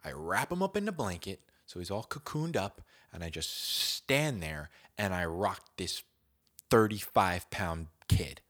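Acting out a laid-back story on his podcast, this young host uses lots of slang, dropping to whispers and leaping to shouts. His voice sits low and his pace is measured.

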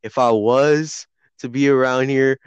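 A man's voice: mid-range voice, measured pace, clean tone, no room sound, dull audio. A man co-hosting a casual podcast, joking and swearing freely, with a dry close sound. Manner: profane, joking, animated. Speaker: podcast co-host. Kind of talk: casual chat.

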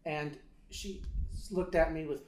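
Man telling a story in an interview, bit higher voice, lots of ums, echoey room. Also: fairly even intonation, slow, darkish tone. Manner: hesitant, many fillers, acts out dialogue. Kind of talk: casual storytelling. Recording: roomy echo.

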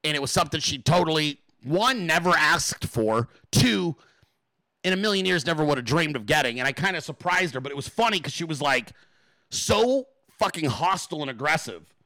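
A man hosts a live stream and rants freely to his chat, swearing in nearly every line. His voice sits high and bright with a forceful edge. He swings his pitch widely and jumps into shrill put-on voices when he quotes people. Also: lively intonation, a little fast, no room sound, studio quality. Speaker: livestream host. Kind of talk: profane unscripted rant to a live chat.

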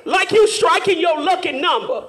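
A woman teaching Sunday school in a fervent, call-and-response preaching manner, rising at times to shouts. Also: extremely high pitch, lively intonation, moderate pace.

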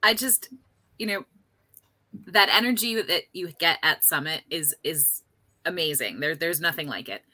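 A woman with a low but bright, forceful voice shares final thoughts on a podcast, reflective and appreciative. The sound is dry. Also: lively intonation, normal speed, breathy edge, no room sound. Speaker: podcast guest. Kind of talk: casual podcast chat.

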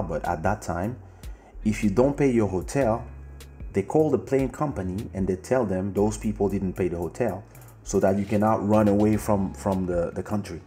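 A man from France, hosting a live show and animatedly telling a travel story. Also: fairly low pitch. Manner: animated, acts out dialogue. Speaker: host.

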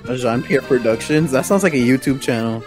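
A man's voice: medium pitch, fairly quick, faint music behind. A young man co-hosting a casual podcast chat, swearing freely and laughing often. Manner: swearing, laughing a lot, animated. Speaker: podcast co-host.

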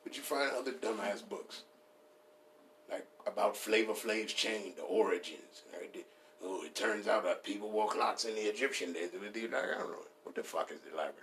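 Low-voiced man in a profane comic rant. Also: brisk, fairly bright tone, slight background noise. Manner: profane, rambling, laughs at his own jokes, sudden high-pitched character voices. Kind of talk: casual comedic rant.

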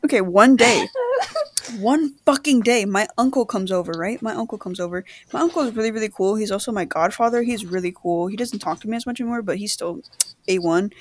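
A woman's voice: medium pitch, fairly quick. A young woman telling a story to friends, swearing a lot and often laughing as she talks. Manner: profane, animated, breaks into laughter. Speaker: podcast co-host. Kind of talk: casual storytelling among friends. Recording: loud background noise.

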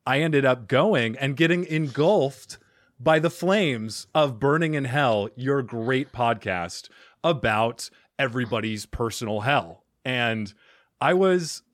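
A man's voice: mid-range voice, slow pace, no echo, clean studio sound. A man hosting a comedy advice podcast over a video call, chatting playfully, punning and laughing often. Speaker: podcast host. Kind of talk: casual interview chat.

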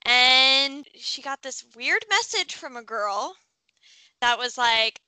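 A young woman co-hosting a podcast, telling a quick side anecdote. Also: sits high, lively intonation, sharp tone, smooth, dry recording, rough recording. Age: young adult. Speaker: podcast co-host. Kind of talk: casual storytelling.

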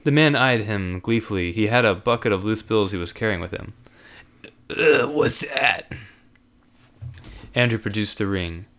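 A man narrating a story aloud in an animated reading. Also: fairly low pitch, brisk, hardly any pauses, clear, resonant tone.

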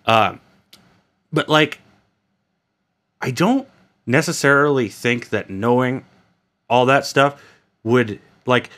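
A man's voice: medium pitch, takes it slowly, pauses often, fairly bright tone. A young man co-hosting a podcast, rambling in casual crude banter with lots of fillers and swearing. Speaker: podcast co-host.

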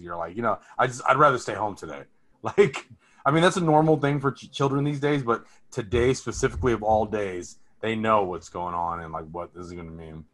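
A man's voice: deep voice, a bit bright. A man co-hosting a podcast, telling loose stories in casual chat and swearing freely. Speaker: podcast co-host.

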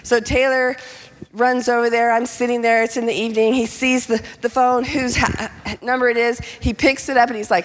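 A middle-aged woman telling personal stories to an audience, lively and candid. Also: a little high, moderate pace, long reverb tail. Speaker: speaker. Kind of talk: personal storytelling talk.

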